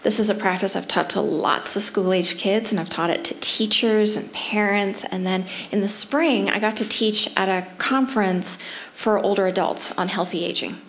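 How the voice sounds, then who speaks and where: A middle-aged woman with a Canadian accent, a psychology professor giving a seminar talk, animated and playful, slowing to gentle guided breathing. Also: mid-range voice, creaky. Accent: Canadian English. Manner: lively, animated, acts out her inner voice; slows to soft, near-whispered guidance during breathing practice.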